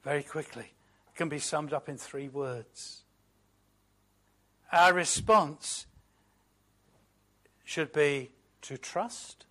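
A man delivers a sermon in a fairly high voice, taking his time over each phrase. He swings between ringing declarations and quiet, reflective asides, and slips into hymn lines as he goes. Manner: slow, emphatic preaching with swings between loud declarations and hushed asides. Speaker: preacher.

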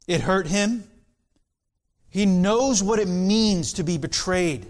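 A man preaching a sermon in an earnest, deliberate way, with dramatic pauses. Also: high-pitched.

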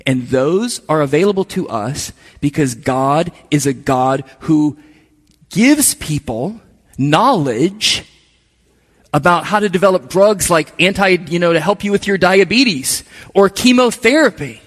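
Earnest middle-aged pastor, high voice. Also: male voice, expressive, measured pace. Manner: earnest, acts out quoted voices. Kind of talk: sermon. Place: church sanctuary. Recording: reverberant church hall.

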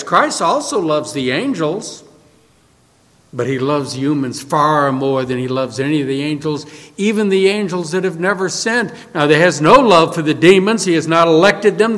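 High-voiced preaching man in a reverberant hall. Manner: preaching, swinging from soft low lines to loud high exclamations. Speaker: pastor. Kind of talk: sermon.

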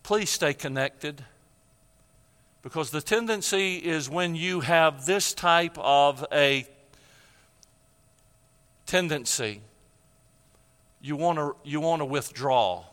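High, bright-voiced older preacher man. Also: slow pace, long pauses, in a large hall. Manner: emotional storytelling, preaching with repeated phrases. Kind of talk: sermon.

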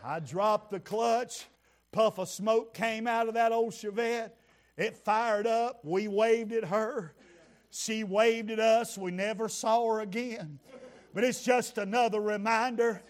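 Preacher man, high voice, slow folksy storytelling that climbs to shouting. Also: steady tone. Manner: folksy, builds to shouted praise. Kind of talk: humorous storytelling sermon.

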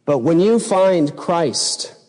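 In a church sanctuary with long, trailing reverb, a male pastor delivers an impassioned sermon slowly, his slightly mellow voice pitched a bit high for a man. When he acts out his old outbursts, he leaps up in a raised voice.

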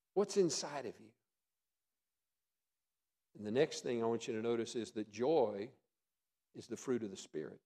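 A man preaching a sermon, folksy and emphatic, rising to strong emphasis and dropping low for effect. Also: a little mellow. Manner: emphatic, rises and drops in volume for effect; folksy humor. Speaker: pastor.

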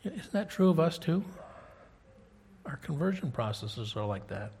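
A man preaching a Bible lesson in a relaxed, conversational way. He reads verses aloud and keeps checking in with his listeners through questions. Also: a little high, a little slow, gravelly, a little hiss or hum.

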